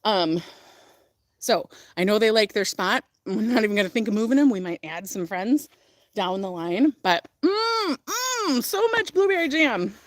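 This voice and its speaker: A young woman chats and gushes as she walks her farm outdoors, voice sitting a little high. She talks into a phone held in hand, trailing off into fillers and little laughs. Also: lively intonation, unhurried, dry recording. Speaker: livestream host. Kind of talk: casual livestream tour.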